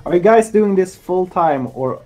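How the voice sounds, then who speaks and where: A man's voice: high-pitched, animated, moderate pace, warm tone, faint music behind, rough recording. A man chatting casually on a game dev stream, joking and laughing often, with many fillers. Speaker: streamer and indie game developer.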